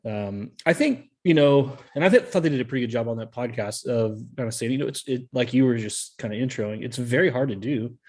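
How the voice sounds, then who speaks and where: A man's voice: mid-range voice, fairly quick, few pauses, a little mellow. A man co-hosting a podcast, chatting casually and explaining research with frequent fillers. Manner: chatty, laughs often, explains with many fillers. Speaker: podcast co-host.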